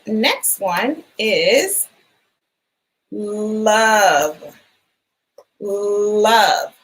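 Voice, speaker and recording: A woman teacher giving a phonics lesson for young children, sounding out letters and words clearly and encouraging them. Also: mid-range voice, fairly bright tone, rough recording. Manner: encouraging, asks questions and waits.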